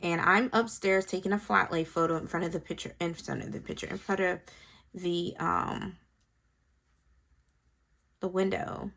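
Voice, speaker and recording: Woman, thirties, casual storyteller, gravelly edge. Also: on the low side, steady tone, normal speed, long pauses, a bit bright. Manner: chatty storytelling, talks to viewers, thinks aloud. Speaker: planner vlogger and mother. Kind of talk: casual chat while decorating.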